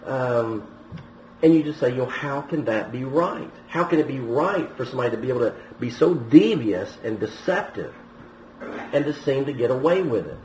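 A man's voice: medium pitch, animated, moderate pace, a little mellow. A man preaching a sermon, retelling a scripture story in a storytelling manner, with some restarts and a voice that rises on the quoted lines. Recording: roomy, from a distance, faint noise.

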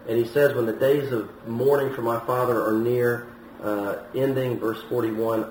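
A man's voice: mid-range voice, steady tone, normal speed, darkish tone. A man preaching a sermon, retelling a scripture story in a storytelling manner, with some restarts and a voice that rises on the quoted lines. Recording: roomy, from a distance, faint noise.

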